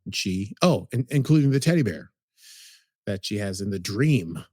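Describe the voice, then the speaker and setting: A man's voice: fairly low pitch, big pitch swings, normal speed, a little mellow, dry recording, clean studio sound. A man casually recapping a TV episode as a podcast co-host, rambling and chatty with lots of "like"s.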